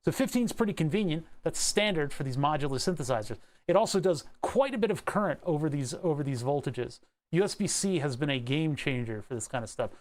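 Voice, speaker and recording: A man's voice: fairly high pitch, lively intonation, a little fast. A man livestreaming, chatting casually while working on electronics, rambling with profane, laughing asides.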